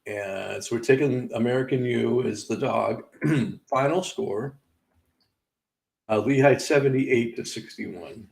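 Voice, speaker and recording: A man's voice: medium pitch, slow pace, creaky, darkish tone, low-quality recording. A man hosting a live sports betting show, casually running through game results with wry asides and laughing at his own missed picks.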